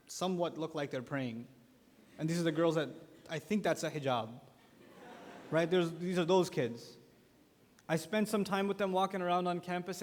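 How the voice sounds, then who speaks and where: High-voiced man lecturing in an echoing hall. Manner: animated storytelling with acted-out quotes. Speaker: conference speaker. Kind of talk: religious youth-conference lecture. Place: large conference hall. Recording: long echo of a large conference hall.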